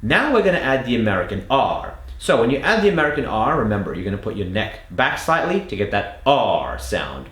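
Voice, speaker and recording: Australian man coaching with lively emphasis. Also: medium pitch, fairly quick, hardly any pauses, roomy sound. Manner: patient, emphatic, drawing out key words. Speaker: accent coach. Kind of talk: instructional lesson with spoken demonstrations.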